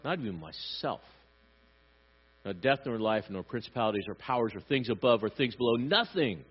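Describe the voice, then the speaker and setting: A man preaching a sermon, animated, acting out short voices as he tells his points. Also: medium pitch, normal speed, slightly rough, highs cut off. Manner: animated, acts out little voices for God and parents. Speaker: pastor.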